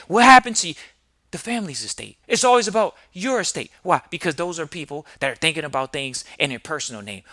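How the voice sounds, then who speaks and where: A man's voice: fairly high pitch, very animated, fast talker, bright, forceful tone, no room sound, studio quality. A man hosting a podcast, preaching emphatically in a long monologue and firing off rhetorical questions. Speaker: podcast host.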